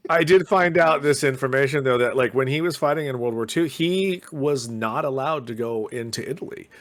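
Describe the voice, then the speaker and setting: A man's voice: medium pitch, normal speed. A man co-hosting a podcast in casual chat, rambling and meandering with lots of fillers and restarts. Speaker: podcast co-host.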